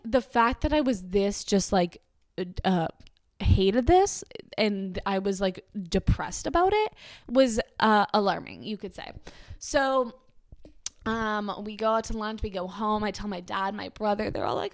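A woman in her twenties casually telling a long personal story, rambling with lots of fillers and jumping into high, squeaky voices when she quotes people. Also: moderate pace, no room sound, studio quality. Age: 20s.

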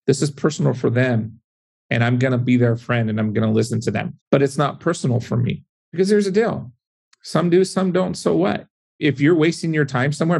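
A man's voice: mid-range voice, vocal fry, darkish tone, husky. A man, a former police officer turned real estate investor, explaining in a casual podcast conversation with stories and frequent "right?" asides.

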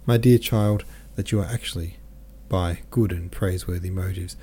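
A man voicing an aging, worried merchant father who speaks to his daughter gravely and gently. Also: low voice, normal speed. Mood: grave, gentle.

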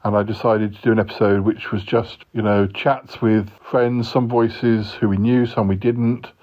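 A man hosting a podcast, narrating a year review in a relaxed, dry way. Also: lowish voice, moderate pace, muffled recording. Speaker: podcast host.

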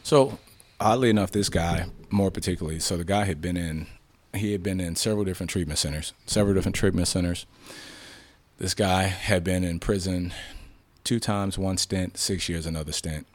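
A man's voice: low-pitched, a little fast, dry recording. A man, a police sergeant, telling his story candidly in an interview and acting out the dialogue as he goes. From South Side of Chicago. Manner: animated retelling with quoted dialogue, frequent restarts.

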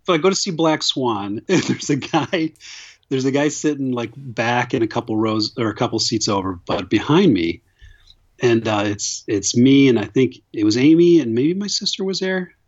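A man's voice: mid-range voice, animated, moderate pace, lo-fi sound. A man hosting a podcast, telling rambling, profane stories in casual chat and laughing often. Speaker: podcast host.

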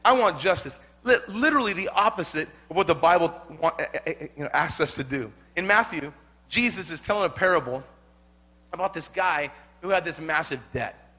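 A man's voice: on the high side, animated, fairly quick, pushed and bright. A male pastor preaching a sermon, emphatic and joking, repeating his points for effect.

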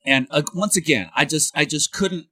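A man hosting a casual podcast chat, enthusiastic and quick to laugh as he talks over a video call. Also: a little high, bright, forceful tone, slightly rough. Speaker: podcast host.

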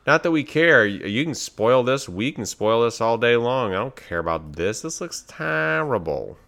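A man co-hosting a casual chat about trailers, blunt, sarcastic and quick to dismiss. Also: medium pitch, animated, gravelly, fairly bright tone. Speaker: podcast co-host.

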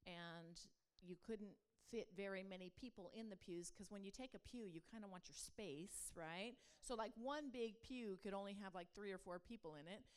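A woman with a smooth, clear voice shares a testimony from the front of a church. She talks in a chatty storytelling way, with the odd filler. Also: medium pitch, normal speed, hardly any pauses. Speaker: church leader giving a testimony. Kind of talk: sermon testimony.

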